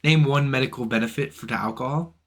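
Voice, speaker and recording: A man's voice: mid-range voice, fast talker, slight background noise. A young man hosting a philosophy channel, delivering an indignant, profane rant to camera full of rhetorical questions. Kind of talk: ranting monologue to camera.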